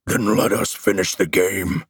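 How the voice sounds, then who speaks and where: A man growling as a gravelly mocking demon. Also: low-pitched, steady tone, fairly bright tone, dry recording, studio quality, full character voice. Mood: taunting. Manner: slow, taunting, deliberate. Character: towering mocking male demon monster, cruel. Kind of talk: audiobook fiction reading.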